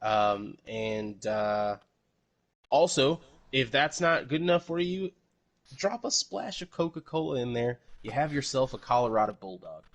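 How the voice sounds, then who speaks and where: A man's voice: mid-range voice, lively intonation, a little slow. Rambling casual male podcast host. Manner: rambling, self-correcting, swears casually.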